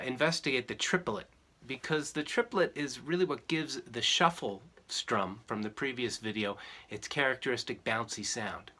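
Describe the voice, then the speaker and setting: Man teaching ukulele, calm and explanatory. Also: medium pitch. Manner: chants rhythm syllables while strumming. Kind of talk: relaxed music lesson. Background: ukulele strumming.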